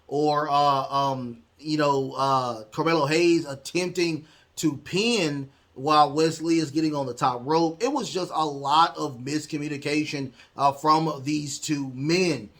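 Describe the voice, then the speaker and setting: A man's voice: fairly high pitch, fairly even intonation, unhurried, a bit bright. A man hosting a podcast, recapping wrestling matches in a rambling way with lots of ums and uhs. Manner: rambling, heavy fillers, acts out quotes. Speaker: podcast host.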